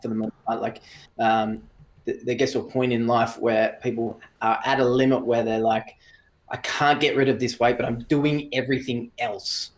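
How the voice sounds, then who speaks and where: Man, mid-pitched voice, coach, calm, explains in short phrases. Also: moderate pace. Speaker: breathwork coach. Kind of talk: casual podcast interview.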